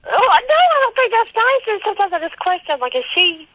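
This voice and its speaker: A woman's voice: very high voice, very animated, fast talker, no room sound. A woman joining a casual chat, giggly and teasing. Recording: dry dull lo-fi sound.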